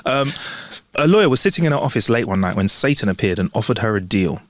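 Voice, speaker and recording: A man's voice: lowish voice, quick pace, dry recording, clean studio sound. A man co-hosting a podcast, telling jokes in a giggly, bantering way. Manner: giggly, jokey, animated banter. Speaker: podcast co-host. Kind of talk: casual joke-swapping chat.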